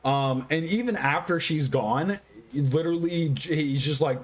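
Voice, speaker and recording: A tipsy man giving a casual movie review, rambling, swearing constantly and getting excitable. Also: fairly high pitch, normal speed. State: tipsy, drinking.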